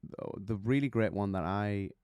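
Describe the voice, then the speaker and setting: A male vocal coach gives a singing lesson to camera, explaining technique in a relaxed, chatty way and breaking into little demonstrations and anecdotes. His voice is low, mellow and smooth at normal speed, recorded dry and close with no echo.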